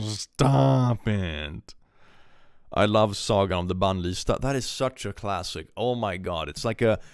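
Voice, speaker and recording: A man's voice: lowish voice, no echo, studio quality. A man, casually chatting with his stream and joking as he reads out chat.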